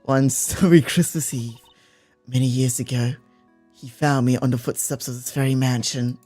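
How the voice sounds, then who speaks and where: A man voicing a soft-spoken devoted young maid. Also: mid-range voice, steady tone, normal speed, faint music behind, close to an everyday voice. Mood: earnest.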